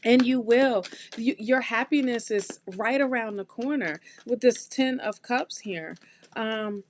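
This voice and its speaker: Slow, encouraging woman reading tarot live. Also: fairly high pitch, a little hiss or hum. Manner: warm, encouraging, talks straight to viewers with repetitions; loose, chatty phrasing with restarts. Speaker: tarot reader hosting a live stream.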